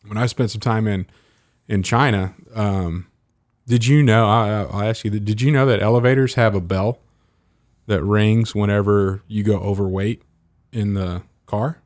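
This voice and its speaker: A man, co-hosting a podcast in casual chat and telling animated stories. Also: fairly low pitch, unhurried, no room sound, clean studio sound. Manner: animated storyteller, laughs a lot. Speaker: podcast co-host.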